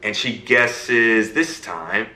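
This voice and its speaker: A man telling a fairy tale in an animated storytelling style, often checking in with his listener. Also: medium pitch, drawn-out words, echoey room, exaggerated voice.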